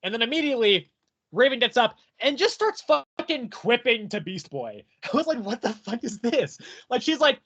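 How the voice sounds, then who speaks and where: The muffled recording catches a man's very high voice at a moderate pace. Co-hosting a comics review podcast, he chats casually but rants animatedly, cursing and acting out quotes.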